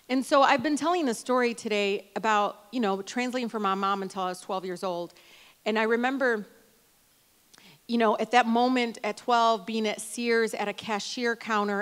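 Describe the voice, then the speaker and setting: A woman in her forties from Detroit tells family stories from a convention stage, her speech rising to loud, emphatic peaks. Her voice is smooth and resonant, with a mid-range pitch. A long reverb from a large hall trails behind her words. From Detroit, Michigan. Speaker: congresswoman giving a convention speech.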